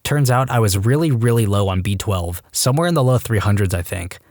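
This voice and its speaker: A man narrating reddit stories aloud, reading in a brisk, even voice. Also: on the low side, dry recording, studio quality. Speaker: story narrator.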